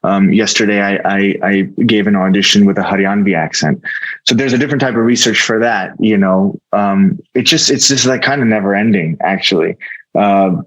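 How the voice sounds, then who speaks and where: A man's voice: on the low side, moderate pace, fairly bright tone, poor audio. A man with an American accent, an actor speaking as a guest in an interview, earnest and reflective, often restarting his sentences. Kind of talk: casual interview talk.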